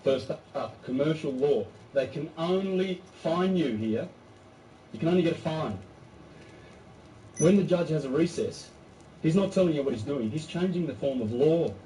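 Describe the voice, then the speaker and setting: A man's voice: mid-range voice, warm tone, slight background noise. A man giving an emphatic, informal lecture, acting out quotes and often restarting his sentences. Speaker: speaker on court law. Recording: distant mic, echoey room, faint ambience.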